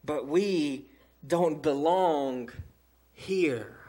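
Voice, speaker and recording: A man with a Southern American accent preaching a sermon in church, with emphatic pauses. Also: on the high side, warm tone. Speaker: pastor. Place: church during an evening service.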